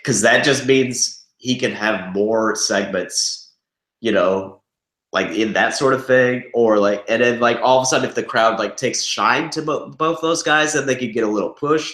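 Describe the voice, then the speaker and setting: A man's voice: medium pitch, moderate pace, fairly bright tone, roomy sound. A young man co-hosting a casual podcast chat, rambling and packing his talk with "like". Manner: rambling, filler-heavy, says "like" constantly. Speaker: podcast co-host.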